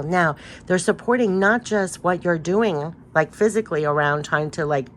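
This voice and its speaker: A woman's voice: lowish voice, a little hiss or hum. A middle-aged woman doing a casual, rambling spiritual card reading, encouraging and full of "like". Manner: chatty, rambling, encouraging, says "like" often.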